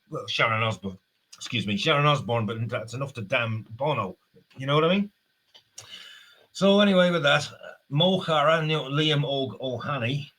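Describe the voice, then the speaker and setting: Husky man in a profane heated rant. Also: lowish voice, pushed and bright. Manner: profane, heated, rambling with restarts. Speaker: political commentator. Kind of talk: angry spoken rant.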